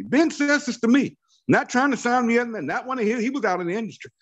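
A man in his fifties gives a rousing motivational talk to his sales team. His voice sits high and swings widely up and down. He speaks with fervent, preachy conviction and hammers his points through repetition. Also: animated, quick pace, muffled recording. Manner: fervent, preachy, repeats phrases for emphasis. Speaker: network marketing team leader. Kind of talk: motivational training call talk.

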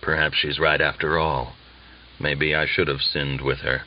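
A man voicing a gruff, flustered old Cossack father-in-law with spluttering outbursts. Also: rumbling low, little pitch movement, unhurried, muffled recording, voice pushed down. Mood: perplexed.

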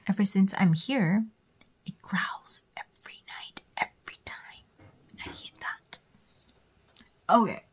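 A woman's voice: mid-range voice, a little mellow, breathy edge. A young woman vlogging her night routine in a chatty way, often dropping to a whisper. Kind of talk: casual vlog narration.

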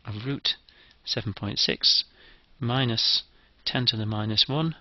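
A man's voice: medium pitch, unhurried, no room sound, muffled recording. A man giving a methodical, step-by-step engineering lecture.

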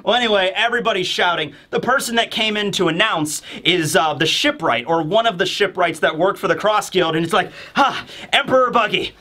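A man hosts a casual review and retells scenes with animated energy, acting them out as he goes. His voice is fairly high and bright, and his speech is loose and chatty. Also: brisk, few pauses. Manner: animated, storytelling, acts out scenes. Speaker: host. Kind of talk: casual manga chapter review.

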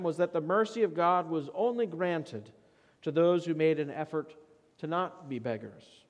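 A male pastor delivers a sermon in a fairly high voice. He guides listeners through imagined scenes, climbing to urgent cries and sinking to near-whispers. The sound rings with long reverb from a church sanctuary. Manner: guided imagery, dramatic rises and hushed drops.

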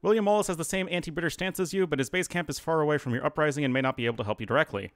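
A man's voice: on the high side, very fast, dry recording. A man playing a strategy game and reading its mission briefing aloud, stumbling over words with frequent fillers. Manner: reads briefing text with frequent fillers and restarts. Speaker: game streamer.

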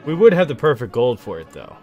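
A young man giving playful, excitable live commentary on his own video game match, trash-talking and hyping himself up. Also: mid-range voice, a little fast, muffled recording, soft background music. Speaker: gaming streamer.

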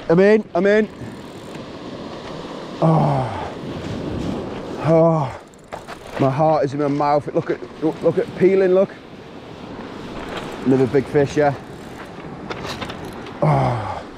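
Creaky man fishing on a windy beach. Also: mid-range voice. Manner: exclaiming, talks to himself and the fish. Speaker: fishing vlogger. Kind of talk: excited running commentary while shore fishing. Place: outdoors on a beach by the sea. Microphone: action camera. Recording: wind and surf noise outdoors.

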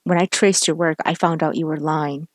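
A woman's voice: deep voice, fairly even intonation, moderate pace, no room sound, studio quality, lightly acted. A woman doing a tough male detective. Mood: urgent commanding. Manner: urgent, commanding.

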